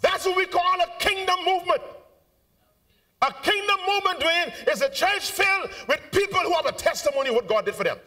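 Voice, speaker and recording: A man with a Bahamian accent preaching a live sermon in a church auditorium. He is fervent and calls out to the congregation, moving between shouted lines, sung phrases and quiet asides. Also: very high-pitched, lively intonation, a little fast, recorded from a distance. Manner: call-and-response with the congregation. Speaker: bishop preaching. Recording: live church recording, voice off-mic.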